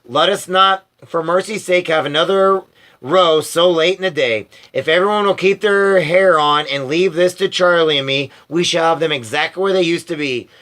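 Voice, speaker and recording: A man voicing a brisk, eccentric grown man in charge, with theatrical announcing, in a storybook reading. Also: on the high side, fairly bright tone, lightly acted. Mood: soothing.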